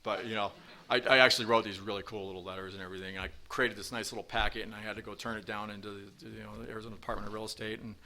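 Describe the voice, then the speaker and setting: Guy telling his recovery story, bright tense voice, lots of you know and restarts. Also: lowish voice, little pitch movement, rapid-fire, vocal fry, slight background noise. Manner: rambling, many fillers and restarts. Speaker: recovery meeting speaker. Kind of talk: personal recovery talk. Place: meeting room with audience.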